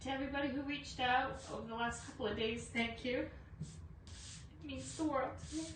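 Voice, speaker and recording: A woman's voice: sits high, fairly even intonation, moderate pace, a bit bright. A woman hosting a casual live craft demo, chatty, greeting viewers by name with lots of fillers. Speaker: craft livestream host. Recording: echoey room, voice from a distance, faint noise.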